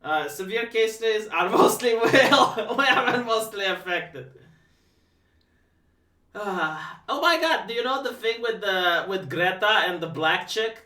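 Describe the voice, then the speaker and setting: A high, bright male voice that mocks with dry sarcasm and trips over his own words as he restarts. He sits back from the mic in a room that echoes noticeably. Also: animated, slow, recorded from a distance. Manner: sarcastic, mocking, stammering restarts. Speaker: live-stream host. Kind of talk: casual live-stream commentary.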